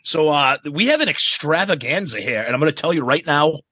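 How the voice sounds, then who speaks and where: Brief: bright, husky male co-host, high and lively, exasperated chatter. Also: fairly quick, no echo. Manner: exasperated, stammering restarts, mocking voices. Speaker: podcast co-host. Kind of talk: casual chat.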